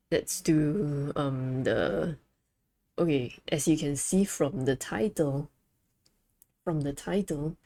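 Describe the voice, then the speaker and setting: A woman's voice: low voice, mellow. A young woman streamer chatting casually and hesitantly while she plays, often correcting herself. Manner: hesitant, rambling, self-correcting. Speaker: VTuber streamer. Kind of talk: casual chat while playing a game.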